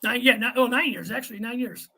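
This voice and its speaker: A man in his fifties, a retired firefighter, tells a story on a podcast. His voice is raspy and gravelly, with a sharp, bright tone. He swears constantly and jumps into the voices of the people in his story. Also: very high-pitched, fast. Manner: profane, animated storyteller who acts out others' lines.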